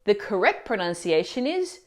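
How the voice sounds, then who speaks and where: Woman, language teacher, scripted lesson narration, lively up-and-down delivery, clear explanations. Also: mid-range voice, moderate pace. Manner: clear, explanatory, asks the viewer questions.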